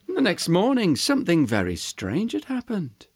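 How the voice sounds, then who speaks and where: A storyteller telling a fairy tale in an expressive, animated way. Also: medium pitch, moderate pace. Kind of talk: storytelling for children.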